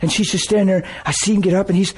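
A man preaching through an animated, emotional story, often laughing as he tells it. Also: high-pitched, racing, breathy edge. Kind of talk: storytelling sermon.

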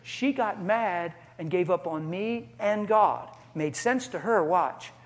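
A man preaching a sermon with passion, building to shouted appeals. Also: sits high, expressive, slow pace. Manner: impassioned, rising to shouts. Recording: echoey hall.

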